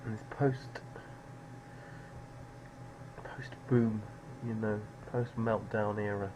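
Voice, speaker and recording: A man's voice: on the low side, level tone, slow, background noise. A man streaming live poker, musing over players in a dry, sardonic way.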